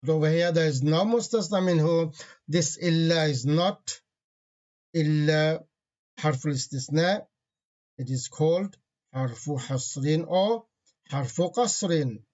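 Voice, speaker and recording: Male teacher, slightly high pitch, patient and repetitive, dull lo-fi recording. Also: darkish tone. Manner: patient, repeats key terms slowly; reads Arabic grammar phrases quickly. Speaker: Arabic grammar teacher. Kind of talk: online grammar lesson.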